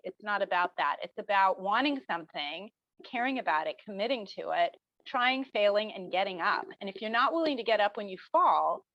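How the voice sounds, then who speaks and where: A middle-aged woman, a marketing professor, answering interview questions as an animated storyteller who acts out the people she quotes. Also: medium pitch, no echo. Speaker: marketing professor, podcast guest. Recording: dull dry lo-fi sound.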